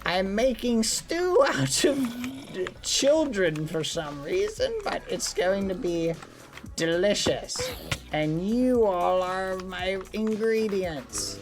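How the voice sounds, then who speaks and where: A sly old witch woman from a storybook tale, high and quavering, coaxing with false sweetness before she cackles over her prey, as a man puts her on. The voice sits far above a normal speaking voice and stays soft and unhurried. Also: sing-song, over music, heavily acted. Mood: gloating.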